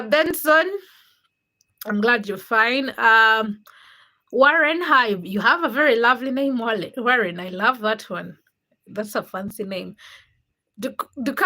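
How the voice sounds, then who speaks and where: A woman's voice: on the high side, pushed and bright. A woman from Uganda, chatting casually on her livestream, greeting viewers by name and teasing them. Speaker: livestream host. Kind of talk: casual live stream chat reading viewer comments.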